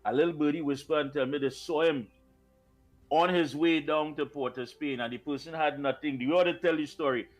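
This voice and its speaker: A man's voice: on the high side, fairly even intonation, brisk. A Trinidadian man co-hosts a live talk show in a slightly raised voice. He teases and repeats phrases in playful banter. Faint music plays behind him. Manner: playful, teasing, repetitive.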